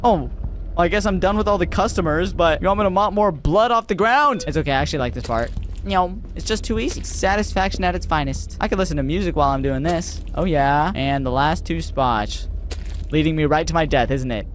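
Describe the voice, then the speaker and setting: Excitable man doing game commentary. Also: fairly high pitch, a little fast, slight background noise. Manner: excitable, jokey, loud reactions. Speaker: gaming YouTuber. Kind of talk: let's-play commentary.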